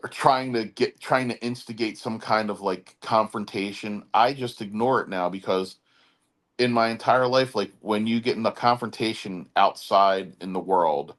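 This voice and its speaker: A man's voice: fairly low pitch, moderate pace, a bit bright. Rambling man with a Philly accent. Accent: Philadelphia. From Philadelphia area. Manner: rambling, repeats words, mimics other people's speech. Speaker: podcast host. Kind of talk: casual chat.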